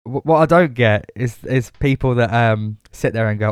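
A man in his twenties, co-hosting a podcast in casual, animated banter and swearing freely. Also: mid-range voice, moderate pace, clean tone, no echo, studio quality. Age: 20s. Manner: animated, swearing, laughs often. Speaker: podcast co-host.

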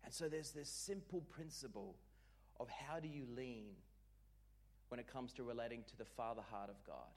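A man preaching a sermon, expressive and call-and-response, leading the congregation and joking with them. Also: mid-range voice, moderate pace. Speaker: pastor.

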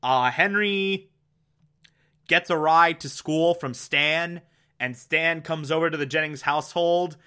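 A man's voice: a little high, takes it slowly, sharp tone, smooth. A man giving a casual, chatty recap of a TV episode, laughing often and using lots of fillers. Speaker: podcast host.

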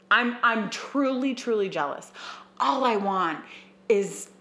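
A young woman hosts a solo podcast, ranting casually and emotionally with swearing as she moves from quiet asides to fired-up preaching. Her voice is medium-pitched.

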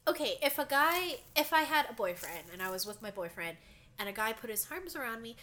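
A congested woman chats casually as a podcast co-host, her stuffy voice bright and tense. She pitches a little higher than most women. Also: big pitch swings, fairly quick. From Canada. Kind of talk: casual chat.

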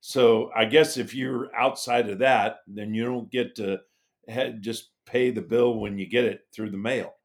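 A man's voice: mid-range voice, fairly even intonation, unhurried. A middle-aged man guesting on a podcast, telling a story casually and acting out other people's lines.

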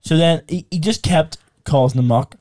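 A man's voice: on the high side, moderate pace, darkish tone. A young man, co-hosting a podcast and telling stories with frequent laughter. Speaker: podcast co-host. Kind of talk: casual chat, storytelling.

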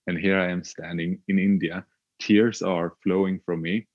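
A young man from Sweden, a podcast guest telling his own story in a halting, hesitant way. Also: low-pitched, flat delivery, no room sound, muffled recording. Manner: hesitant, halting, with frequent filler sounds. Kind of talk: reflective personal storytelling.

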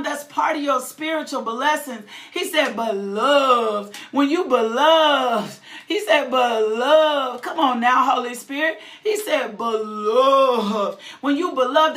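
Woman preacher, fervent sermon delivery, high bright voice, unhurried with repeated phrases.

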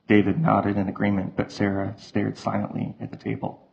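A man narrates an audio drama in a steady, even reading. His low voice has a gravelly edge and stays flat. The sound is slightly dull, with faint music under it. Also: moderate pace.

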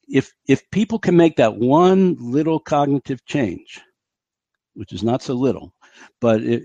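A middle-aged man talks as a guest on an interview show, explaining with blunt emphasis and acting out quotes along the way. His voice sits at an ordinary pitch for a man. The recording is dry and close, with no room sound. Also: vocal fry, dark tone, no room sound, muffled recording. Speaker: podcast guest, physician and stress expert.

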